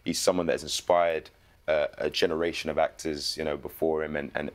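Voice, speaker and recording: A man, an actor guest telling lively stories in a casual interview. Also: extremely low pitch, a little fast. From England. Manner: animated storytelling with slang.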